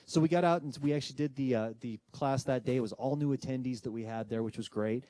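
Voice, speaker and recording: Fast-talking dramatic male storyteller. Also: medium pitch, no room sound. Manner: animated storyteller, acts out the voices of people in the story; dramatic pauses and tension building. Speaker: paranormal investigator. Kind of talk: telling a personal ghost story.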